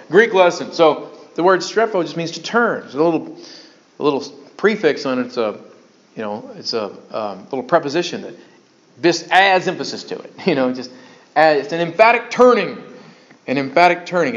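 Pastor, male, lively sermon voice with big swings, slightly high, dull lo-fi recording. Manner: animated, conversational preaching with sudden emphatic bursts. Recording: dull lo-fi sound.

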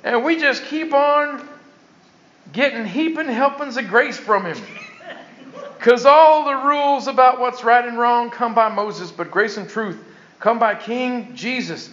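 A man's voice: extremely high pitch, measured pace, a bit bright, roomy sound. A man voicing a folksy rural Southern storyteller, drawling in a Southern US accent. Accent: Southern US rural, put on. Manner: drawling, homespun, leisurely. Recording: dull lo-fi recording.

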